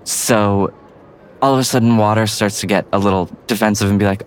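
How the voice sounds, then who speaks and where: A man's voice: lowish voice, steady tone, fairly quick, a little hiss or hum. A man narrating an improvised bedtime story in a rambling way full of fillers. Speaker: guest storyteller.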